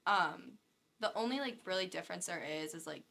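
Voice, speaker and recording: A young woman, a college athlete guest, chatting in a relaxed way with many fillers. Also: fairly low pitch, brisk, vocal fry. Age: young adult. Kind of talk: casual interview chat.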